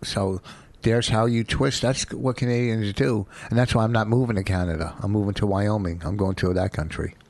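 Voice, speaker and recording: A man's voice: fairly low pitch, fairly even intonation, normal speed, a little mellow, dry recording. A man, a comedian, bickering defensively in casual chat and swearing freely, on a close studio mic. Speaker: comedian, co-host.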